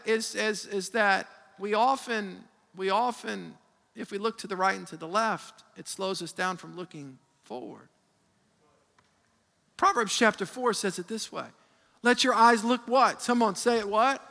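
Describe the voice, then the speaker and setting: A man in his fifties, a pastor preaching a sermon with call-and-response and animated storytelling. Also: high voice, gravelly. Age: 50s. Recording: long reverb of a large hall.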